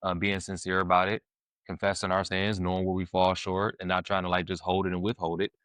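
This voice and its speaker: A man talking casually about faith and dating as a podcast guest, animated and fond of "you know what I'm saying", sometimes acting out his prayers. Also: sits low, brisk, clean tone, no room sound. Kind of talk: casual faith-based conversation.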